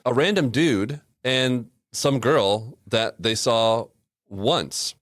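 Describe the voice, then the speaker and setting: A man's voice: medium pitch, very slow, a bit bright, dry recording, clean studio sound. A man co-hosting a podcast in casual chat, reviewing a cartoon episode with a wry, sarcastic manner. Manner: wry and sarcastic, laughs often. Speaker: podcast co-host.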